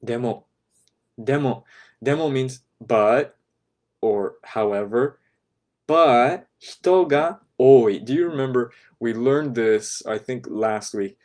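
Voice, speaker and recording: A man teaching a class, patiently breaking phrases down step by step and checking in with "right?", sometimes dropping to a soft, quiet voice. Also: mid-range voice, unhurried. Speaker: language teacher. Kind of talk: explaining a lesson to a class.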